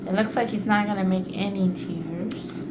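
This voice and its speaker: A woman with a mid-range voice at a vet clinic, soothing the dog and explaining the eye test step by step. Clear background noise from the clinic sits behind her. She sounds calm and matter-of-fact. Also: mid-range voice, normal speed. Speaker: veterinary clinic staff. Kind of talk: explaining a procedure. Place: vet clinic exam room.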